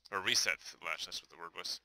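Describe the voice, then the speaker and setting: A man's voice: low voice, quick pace, pushed and bright. A young man giving casual gameplay commentary, thinking aloud and hesitating with many fillers.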